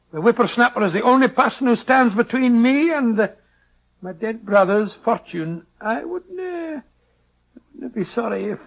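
A man's voice: high-pitched, gravelly, exaggerated voice. An actor playing a middle-aged doctor posing as a scheming man with a put-on Scottish accent, talking hesitantly with stammers, in 1940s radio acting. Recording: muffled old radio recording.

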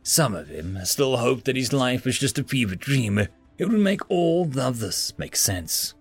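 A man narrating science fiction and fantasy stories in an expressive reading. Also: mid-range voice, measured pace, few pauses, slightly rough, no room sound, faint music behind. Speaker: story narrator. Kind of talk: scripted story narration.

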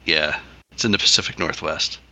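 A man hosting a tabletop role-playing podcast as the game master, relaxed and easygoing. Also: a bass voice, normal speed, no room sound.

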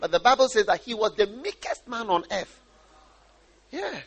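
A man from Ghana preaching a sermon, animated and often repeating and restarting his phrases. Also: high voice, normal speed, breathy edge.

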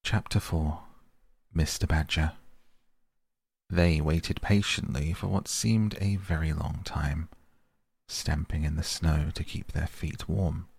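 A man narrating a storybook in a measured, expressive way. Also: rumbling low, vocal fry, husky, dry recording. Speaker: audiobook narrator.

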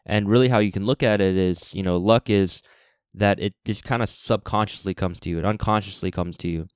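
A man hosting his own podcast, talking unscripted and reflective, halting with restarts and fillers as he thinks aloud. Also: on the low side, a little mellow, smooth, dry recording, clean studio sound. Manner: reflective and earnest. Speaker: podcast host. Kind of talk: unscripted solo podcast monologue.

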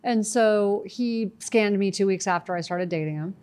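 A middle-aged woman, a guest in an interview, talking in a lively, storytelling way and acting out what others said to her. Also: mid-range voice, moderate pace. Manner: animated storytelling, quotes herself and others. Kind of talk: conversational interview.

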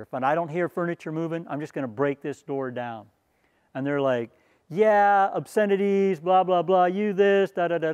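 A man's voice: on the high side, a little mellow, no room sound. A man telling a personal story in an earnest, conversational way, slipping into sermon-like appeals. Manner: earnest, conversational, turns preachy at the end. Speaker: speaker sharing a testimony.

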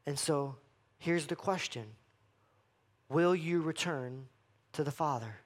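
Man pastor, unhurried sermon delivery, dramatic with hushed drops. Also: a little high. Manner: dramatic, acts out quoted voices, drops to hushed emphasis.

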